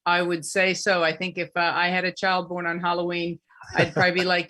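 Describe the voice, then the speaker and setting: A woman's voice: lowish voice, monotone, fairly quick, bright, forceful tone. A woman hosting a virtual storytelling show in a joking witch persona, rambling and hammy over a video call. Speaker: emcee in witch character.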